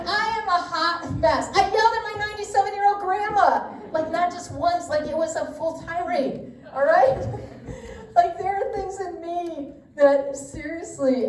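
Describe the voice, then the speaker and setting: A woman's voice: very high-pitched, normal speed, darkish tone. A middle-aged woman leading a women's Bible study, talking in a chatty, candid way with lots of asides. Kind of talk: casual teaching talk. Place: church meeting room. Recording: roomy echo, distant mic.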